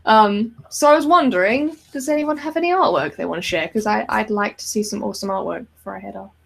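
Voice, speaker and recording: A woman's voice: mid-range voice, quick pace, vocal fry. A British woman co-hosting a podcast, chatting casually and laughing easily. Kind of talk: casual chat.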